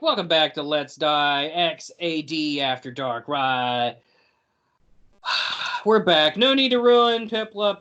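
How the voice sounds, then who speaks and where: A man's voice: high voice, bright, forceful tone, clean tone. A male podcast host chatting casually, with a joking, rambling delivery. He wanders off topic and back while explaining the rules of a game to his guests.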